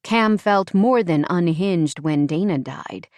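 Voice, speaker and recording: Low-voiced woman narrating an audiobook. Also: lively intonation, slow pace, darkish tone, dry recording, clean studio sound. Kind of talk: scripted narration.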